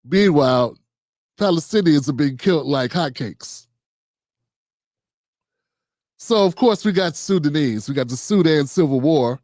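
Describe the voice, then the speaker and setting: A man's voice: a little high, expressive, measured pace, pauses often, darkish tone, no echo, clean studio sound. A man hosting a livestream of political commentary, reading out notes and reacting with heated sarcasm. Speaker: livestream host.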